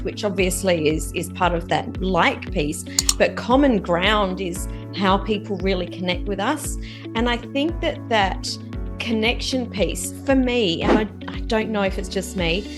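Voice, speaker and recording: A woman hosting a podcast, upbeat and enthusiastic in a casual interview. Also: medium pitch. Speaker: podcast host.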